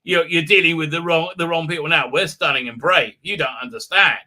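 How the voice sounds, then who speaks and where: A man's voice: on the high side, brisk, pushed and bright. A man mocking a preachy, sassy young woman companion in a condescending drawl.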